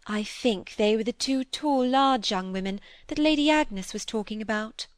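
A woman's voice: a little high, moderate pace, no echo, studio quality, lightly acted. A woman voicing a young woman who is the companion of a lady, speaking mildly. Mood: informative.

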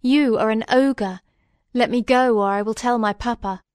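A woman voicing a frightened, defiant small boy who cries out in a high, shrill voice. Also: normal speed, darkish tone, smooth, no echo, studio quality, lightly acted.

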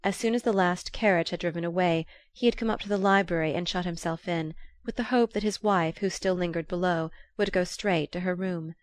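A woman narrating a classic novel aloud in a measured, even storytelling manner. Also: fairly low pitch, no room sound. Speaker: audiobook reader. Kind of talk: scripted narration.

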